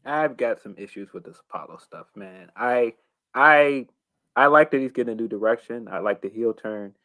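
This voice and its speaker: A man's voice: mid-range voice, normal speed, a bit bright, no echo. Hesitant man co-hosting a wrestling show. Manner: thoughtful, hesitant with fillers. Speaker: podcast co-host. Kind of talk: casual wrestling talk show.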